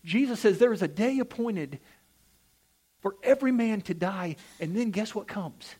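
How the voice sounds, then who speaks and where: Man, high voice, preacher, emphatic sermon delivery, rising and falling cadence, direct questions to listeners. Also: animated, moderate pace, darkish tone, husky. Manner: asks the congregation direct questions.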